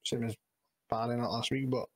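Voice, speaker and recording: Guy co-hosting, talks quick, keeps repeating himself, middle voice. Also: medium pitch, flat delivery, slight background noise. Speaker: podcast co-host. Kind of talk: casual interview chat.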